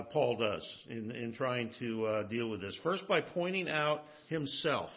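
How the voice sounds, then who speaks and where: A man preaching a sermon as pastor, swinging between emphatic, raised lines and hushed, low asides. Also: muffled recording.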